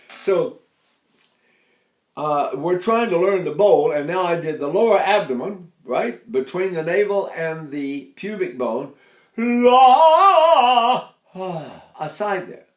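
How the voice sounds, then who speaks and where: Older man teaching singing, lively pitch. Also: unhurried, roomy sound. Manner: animated teaching, breaks into sung la phrases and sighs. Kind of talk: singing lesson with sung demonstrations.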